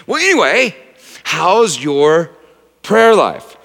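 A male pastor preaches in a high, lively voice that swings between loud questions and hushed low passages. He tells stories conversationally, tossing in asides and questions to the congregation. The sound carries the long reverb of a large sanctuary. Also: moderate pace. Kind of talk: sermon. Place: church sanctuary.

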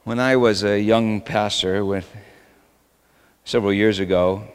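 A man preaching a sermon as pastor, swinging between loud emphatic lines and quiet asides. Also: on the low side, fairly even intonation, unhurried, smooth, big-room sound.

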